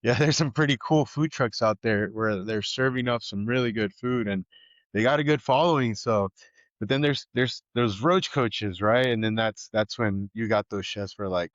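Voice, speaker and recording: A low-pitched man talking as a chef guest on a podcast, easygoing and chatty. His voice comes through a little dull and lo-fi, with a dry, close sound. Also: normal speed, no echo. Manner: relaxed, laid-back talk with easy laughs. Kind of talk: casual podcast chat.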